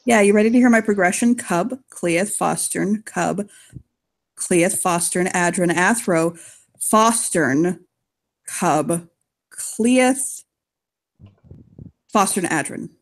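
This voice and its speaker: A woman's voice: on the low side, slow, pauses often. A woman playing a tabletop game, chatting brashly and profanely and laughing often. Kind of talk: casual in-game chat.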